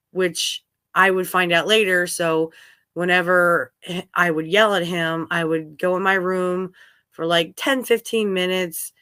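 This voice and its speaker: Bright-voiced woman hosting candid talk. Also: fairly low pitch, clear, resonant tone, no room sound, clean studio sound. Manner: rambling, open, with frequent fillers. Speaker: podcast host.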